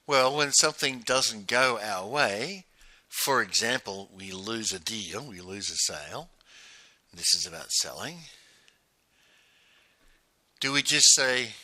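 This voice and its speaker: A man's voice: medium pitch, lively intonation, slow, sharp tone, no echo. A man giving a motivational business coaching talk, emphatic and repetitive, asking rhetorical questions of the listener. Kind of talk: motivational monologue.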